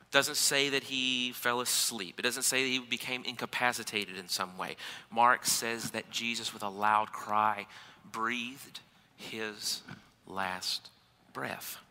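Bright-voiced man preaching in a hall. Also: mid-range voice. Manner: earnest, with slow weighty pauses. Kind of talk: scripture reading and sermon.

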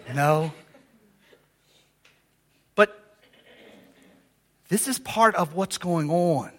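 An older man preaching a sermon as pastor, conversational and lively, calling out questions to the congregation in a church. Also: fairly high pitch, takes it slowly, pauses often, slightly rough. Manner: lively, conversational preaching with audience call-outs.

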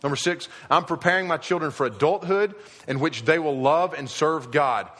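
A middle-aged man preaching a sermon to a live audience, animated and acting out quoted voices, growing emphatic. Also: on the high side, normal speed. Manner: animated, rising to emphatic near shouting at the end. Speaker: pastor. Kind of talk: sermon on parenting.

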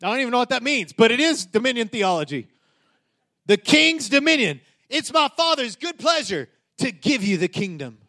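Pastor, male, middle-aged, light high voice, chatty sermon delivery that swells into emphatic lines. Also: big pitch swings, normal speed, bright, forceful tone. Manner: conversational preaching with rising emphatic peaks.

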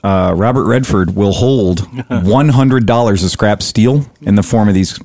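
A man telling a story in casual podcast chat, swearing freely and animated. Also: lowish voice, unhurried.

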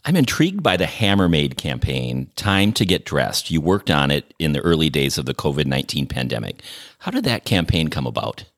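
A podcast host with an extremely low voice that still moves around with lively pitch. He asks his guest questions and praises his work in short turns. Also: brisk. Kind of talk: interview questions.

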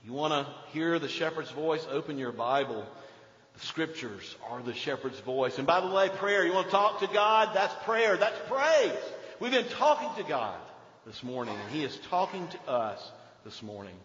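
Older pastor preaching in an echoey hall. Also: male voice, on the high side, big pitch swings, normal speed. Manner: swings between emphatic and hushed. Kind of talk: sermon. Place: church sanctuary. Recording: dull echoey church hall recording.

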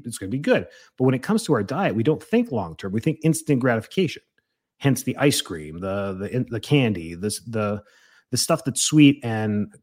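Middle-aged man, blunt health-advice host, mid pitch, animated scolding. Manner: blunt and animated, mimics excuses, jumps in pitch when scolding. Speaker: health doctor giving advice. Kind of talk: casual advice talk.

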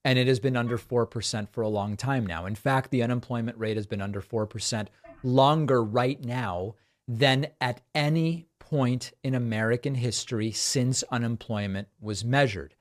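Man, podcast host, political commentary, sarcastic, cutting, mid pitch. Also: moderate pace.

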